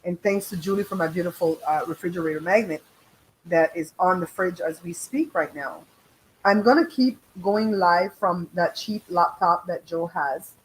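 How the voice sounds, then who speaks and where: A chatty middle-aged woman talking straight to her live viewers. She tells stories in a lively way, acts out what people said, and swears freely along the way. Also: lowish voice, moderate pace, slight background noise, poor audio. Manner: chatty, animated storytelling with voiced quotes; frank, swears casually. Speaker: livestream host. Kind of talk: casual live chat.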